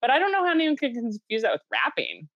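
A woman co-hosting a podcast, chatting casually and trading deadpan, sarcastic jokes. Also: on the high side, fast talker, dry recording, highs cut off. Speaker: podcast co-host. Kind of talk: casual comedic chat.

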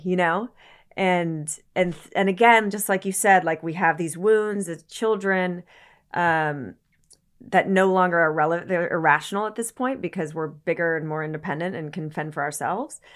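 A woman's voice: on the low side, a bit bright. A woman as a podcast guest, talking earnestly in casual conversation, often searching for words and swearing casually.

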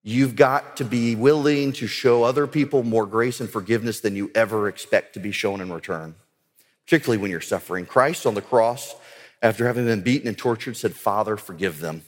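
A man's voice: medium pitch, fairly quick. A man giving an earnest religious conference talk that builds to fervent exhortation. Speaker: conference speaker. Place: large conference hall. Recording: long hall reverb.

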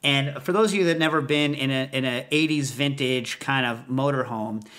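A man hosting a podcast, telling a rambling, animated story in casual chat. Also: mid-range voice, normal speed. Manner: rambling, animated, lots of fillers. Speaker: podcast host.

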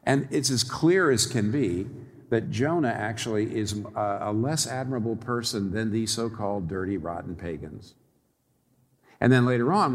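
A man preaching a sermon in an animated, wry way, often chuckling at his own irony. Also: fairly low pitch, long reverb tail, a little hiss or hum.

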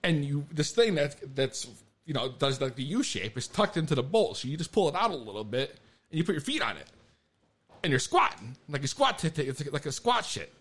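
Podcast host, male, higher register, big swooping delivery, profane storyteller. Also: fairly quick. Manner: animated storytelling, laughing and swearing. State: laughing through a coughing strain. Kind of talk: casual podcast chat.

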